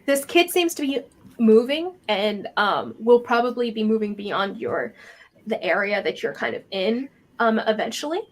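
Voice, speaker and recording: A woman's voice: a little high, lively intonation, normal speed. A woman narrating as game master, describing scenes with many fillers.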